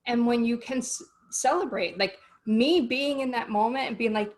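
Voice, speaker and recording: A woman's voice: on the high side, moderate pace, hardly any pauses. A woman hosting a podcast in casual chat, earnest and rambling, easily moved. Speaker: podcast host.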